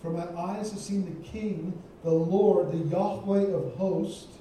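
A man preaches a sermon with emphatic, repeated phrases. His voice sits high for a man yet sounds very dark and mellow. He is caught from well back in a very echoey church, with faint room ambience behind. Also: steady tone, slow, far from the mic, a little hiss or hum. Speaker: guest preacher. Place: church sanctuary.

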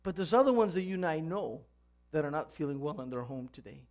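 A man preaching a sermon as pastor, earnest and animated, asking the congregation for amens. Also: fairly high pitch, quick pace. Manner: earnest, asks the congregation "Amen?"; storytelling with animated voices.

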